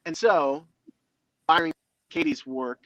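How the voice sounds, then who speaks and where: A man with a fairly high voice talks as an interview guest in a lively, motivational way, playing out inner dialogues as he goes. The sound is dry and close, with no room around it. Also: slow, no room sound, rough recording. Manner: expressive, acts out inner dialogues in other voices. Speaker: guest speaker.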